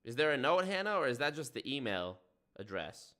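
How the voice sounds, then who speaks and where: A man's voice: mid-range voice, sing-song, brisk, pushed and bright. A young man with a mid-range voice hosts a casual livestream. He rambles, swears, and jokes sarcastically with his chat. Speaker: livestream host. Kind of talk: casual stream commentary.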